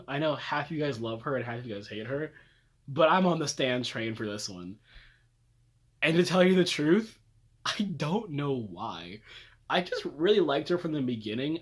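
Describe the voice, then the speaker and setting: A young man ranting comedically about favorite characters, swearing, laughing and talking dramatically. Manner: animated, swearing, laughing, dramatic jumps up in pitch. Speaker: video creator reviewing characters. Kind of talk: comedic casual rant.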